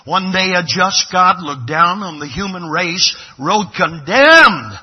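A man's voice: high-pitched, unhurried, slightly rough, muffled recording. A man from Brooklyn preaching a sermon, dramatic and emphatic, acting out little scenes. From Brooklyn, New York. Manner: emphatic, dramatic pulpit delivery with acted-out dialogue.

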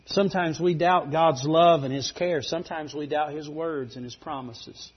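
Middle-aged male preacher, husky, slightly high, folksy storytelling sermon on a dull lo-fi recording. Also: fairly even intonation, moderate pace.

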